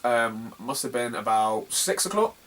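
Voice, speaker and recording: A man's voice: mid-range voice, animated, a little slow, fairly bright tone. A young man, a retro gaming YouTuber telling stories to camera in a rambling, sweary way, often breaking into laughter. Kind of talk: casual storytelling to camera.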